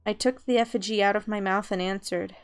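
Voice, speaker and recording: A woman's voice: mid-range voice, fairly even intonation, a little fast, clear, resonant tone. A woman reading a visual novel aloud, narrating and adding chatty asides. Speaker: game reader.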